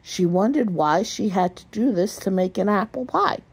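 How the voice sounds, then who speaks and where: A woman reading a children's picture book aloud in a gentle storytelling voice, with small slips and restarts. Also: mid-range voice, expressive, normal speed, breathy edge. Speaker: storybook reader.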